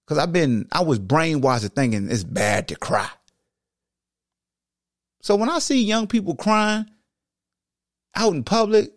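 A man hosting a sports podcast, talking with emphatic repetition that swings between low, heavy stretches and high, excited bursts. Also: dry recording, clean studio sound. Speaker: podcast host and former football player. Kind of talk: impassioned monologue.

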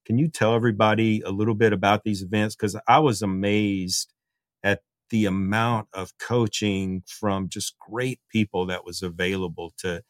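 Encouraging low-voiced male podcast host. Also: fairly even intonation, normal speed, no echo, studio quality. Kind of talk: podcast interview talk.

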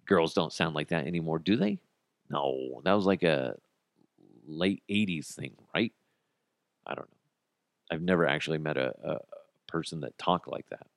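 A man in his thirties hosting a podcast, ranting crudely and comically with sudden jumps in pitch. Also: expressive, a little slow, creaky, pauses often, no room sound, clean studio sound. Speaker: podcast host. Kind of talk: casual comedic monologue.

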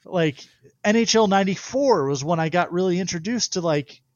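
A man, a guest on a podcast, telling stories in casual chat, animated and laughing often. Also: sits high, normal speed, no echo, highs cut off. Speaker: guest pitcher.

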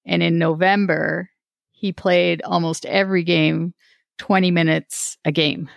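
A woman's voice: on the low side, steady tone, unhurried, creaky, no room sound. A woman co-hosting a podcast in casual sports chat, talkative and laughing often, with many restarts. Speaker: podcast co-host.

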